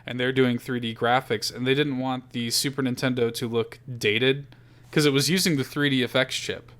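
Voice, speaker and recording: A man hosting a casual podcast chat, animated and profane, laughing often. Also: mid-range voice, moderate pace. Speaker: podcast host.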